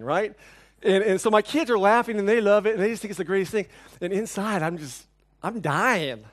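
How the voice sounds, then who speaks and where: Man, pastor, sermon, animated storyteller, slightly higher voice, swings between excited and hushed. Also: moderate pace.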